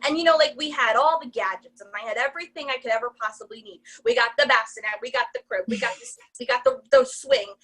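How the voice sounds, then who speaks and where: Bright, animated young mom telling stories. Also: female voice, fairly high pitch, fast, hardly any pauses, poor audio. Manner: animated storytelling, many "like" fillers, laughs often. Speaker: podcast guest, new mom. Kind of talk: casual podcast chat.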